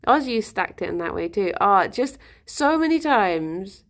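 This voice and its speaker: A woman's voice: mid-range voice, very animated, measured pace. A young woman from Hertfordshire with a Hertfordshire English accent, chatting casually on a livestream, rambling with lots of ums and little laughs. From Hertfordshire, England. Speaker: streamer.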